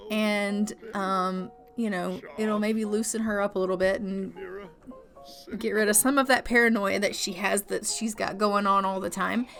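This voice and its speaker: A woman's voice: mid-range voice, a bit bright. A woman giving casual, chatty commentary on a life-simulation game, narrating what her characters do and playfully putting words in their mouths. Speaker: gaming channel host.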